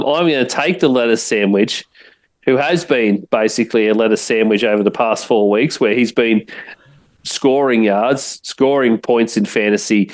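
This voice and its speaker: Australian man, podcast guest, measured, deliberate, casual sports chat. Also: mid-range voice.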